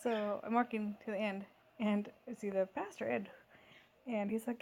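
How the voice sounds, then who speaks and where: A woman's voice: medium pitch, moderate pace, creaky, darkish tone, slight background noise. A woman in her thirties telling a long everyday story in a casual vlog at home, rambling with many fillers and restarts. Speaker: vlogger.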